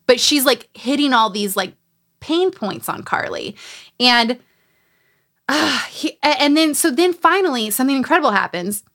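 A woman hosting a casual podcast chat, retelling a memoir with lively, animated storytelling, acting out the quotes and swearing freely. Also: high voice, moderate pace. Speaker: podcast host recapping a memoir.

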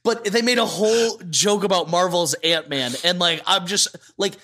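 This is a man co-hosting a podcast, talking in quick, excitable bursts and breaking into giggles. His voice sits a little high and sounds bright and forward, full of energy as he gushes and does little quotes. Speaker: podcast co-host. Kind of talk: casual chat.

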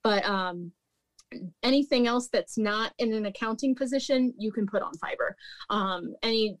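A young woman with a slightly high voice speaks at a moderate pace as a podcast guest. A recruiter and former restaurant manager, she tells work stories in casual chat, bluntly, swearing and laughing often.

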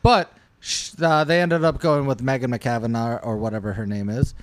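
A man co-hosting a podcast, chatting casually about a movie in an animated, jokey way and often stumbling over his words. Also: mid-range voice, moderate pace, no room sound. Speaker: podcast co-host.

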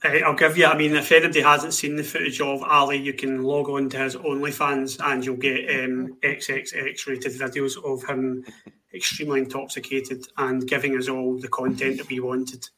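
A man's voice: mid-range voice, completely flat delivery, moderate pace, pushed and bright, rough recording. A man hosting a football podcast, chatting casually and teasing his guests. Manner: joking, teasing banter. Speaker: podcast host.

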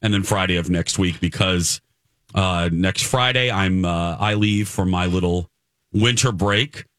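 A male radio host talking into a studio mic with a lowish voice. His talk is relaxed and chatty, and he often breaks into a laugh. The sound is dry and close. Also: unhurried, dry recording. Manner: chatty, laughs easily, tells stories. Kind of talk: casual on-air chat. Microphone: studio microphone.

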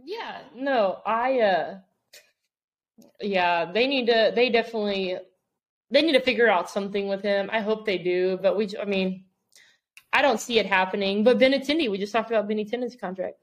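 A woman's voice: mid-range voice, normal speed. A young woman co-hosting a podcast in casual chat over a video call, telling stories and acting out what others said. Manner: storytelling, acts out quotes. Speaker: podcast co-host.

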